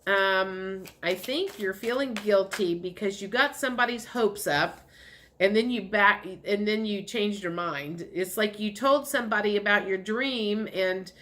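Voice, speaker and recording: A woman's voice: medium pitch, unhurried, bright, forceful tone. A woman giving a casual spoken tarot reading, rambling and chatty with many fillers and light laughs. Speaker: tarot reader.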